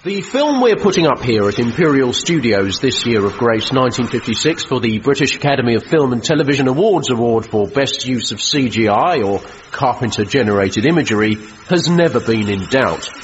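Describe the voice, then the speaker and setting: An actor playing a boastful 1950s film studio boss giving a brisk promotional talk in a comedy sketch. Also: male voice, medium pitch, animated, natural voice. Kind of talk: comedy sketch, mock newsreel. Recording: muffled recording with clear background noise.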